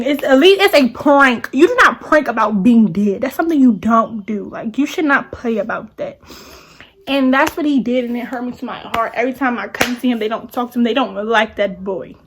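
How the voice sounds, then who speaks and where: A young woman rambles through a casual storytime, emotional and often repeating herself. Her voice sits a little higher than most. She talks close to the camera mic. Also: breathy edge. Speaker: vlogger.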